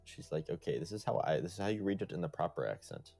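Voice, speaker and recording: A man streaming, reading a visual novel aloud and chatting casually, laid-back and halting with many pauses. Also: very deep voice, animated, creaky, warm tone, slightly rough, soft background music.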